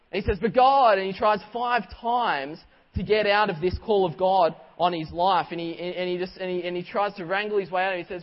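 High-voiced man preaching in a hall. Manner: animated, conversational preaching with many restarts. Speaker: pastor. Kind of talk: sermon. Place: church hall. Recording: dull audio with long hall reverb.

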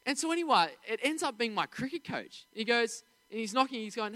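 A man's voice: extremely high pitch, brisk, few pauses, long reverb tail. A man preaching a sermon, telling stories with energy and asking the congregation questions. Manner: storytelling, animated, asks the audience questions. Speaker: pastor.

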